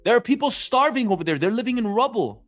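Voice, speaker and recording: A man's voice: extremely high pitch, animated, fast talker, soft background music. A man hosting his own show from home, delivering an angry, profane, emphatic rant. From New York City. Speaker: host. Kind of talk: ranting commentary.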